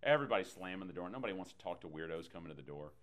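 A man's voice: sits low, expressive, very fast, a bit bright. A man preacher giving a sermon, telling stories animatedly with sudden bursts and chuckles.

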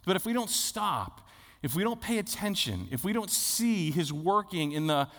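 Male pastor, earnest expository sermon, slightly high voice, long church reverb. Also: sing-song, normal speed, fairly bright tone. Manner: earnest expository preaching, reading scripture aloud.

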